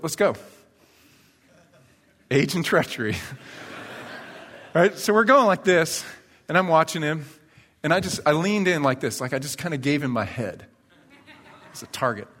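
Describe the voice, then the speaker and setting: A male pastor giving a sermon in a chatty storytelling way, growing lively as he tells personal stories. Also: a little high. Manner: conversational storytelling, animated when telling anecdotes. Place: church sanctuary. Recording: church hall reverb.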